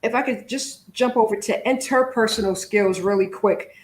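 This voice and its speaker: A woman's voice: on the high side, normal speed, reverberant. A woman hosting a podcast interview, chatting casually with plenty of fillers and restarts. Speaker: podcast host.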